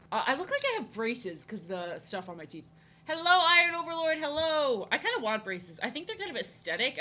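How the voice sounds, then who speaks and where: Chatting while she draws on a live stream, this young art streamer rambles playfully, says hi to viewers, and keeps tripping over and restarting her words. Her voice is fairly high, bright, and forceful, with slight background noise.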